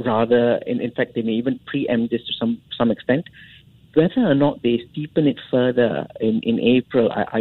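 Man, economist guest, halting radio answer, husky, phone-line sound, dry. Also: mid-range voice, dry recording. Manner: hesitant, many restarts and fillers.

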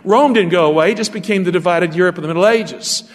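A man preaches as a pastor, teaching from scripture and pausing to put rhetorical questions to his listeners. His voice sits high for a man. A long reverb trails behind his words. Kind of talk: sermon.

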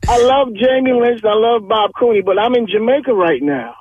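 A man's voice: very high-pitched, brisk, crowd noise. A man calling in to a radio talk show, rambling and jokey, repeating his words. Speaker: caller. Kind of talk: call-in radio chat. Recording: muffled phone line.

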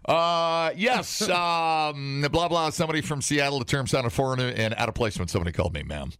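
Man, hoarse, jokey host, mock voices, very dry close sound. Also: fairly high pitch, normal speed, fairly bright tone, no echo. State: hoarse, losing his voice. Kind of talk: casual banter, reading an article aloud.

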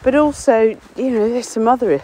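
A local author and podcast contributor records a casual spoken diary while walking among trees on a windy common, a little out of breath. She rambles in a self-deprecating way; her voice is fairly high, dark in tone and moderately paced. The rough recording comes from a phone or portable recorder, with no headphones.

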